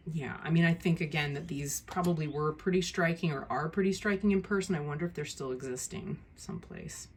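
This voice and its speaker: A woman with a husky, slightly breathy voice that sits on the low side. She talks casually through a tarot deck, frank and quick to show frustration, trailing into ums and restarts. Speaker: tarot video creator.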